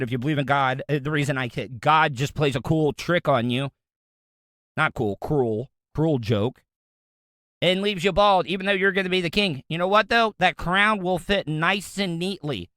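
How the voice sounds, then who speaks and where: A man's voice: fairly high pitch, a bit bright, no room sound, clean studio sound. A man hosting a casual solo show, talking in a rambling, joking way. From Florida, USA. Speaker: podcast host.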